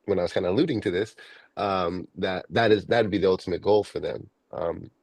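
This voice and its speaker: Low-voiced man chatting on a dry podcast. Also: a little fast, a little mellow, dry recording. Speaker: podcast guest. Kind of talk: casual podcast discussion.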